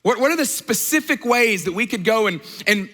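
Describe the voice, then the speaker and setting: Bright-voiced pastor in a reverberant church. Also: male voice, high-pitched, expressive, brisk. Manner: conversational storytelling, asks the crowd questions. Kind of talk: sermon. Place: large church auditorium.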